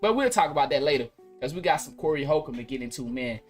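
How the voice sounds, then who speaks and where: A man hosting a podcast live stream, telling stories in loose, animated casual talk full of slang and repeats. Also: a little high, fast, soft background music.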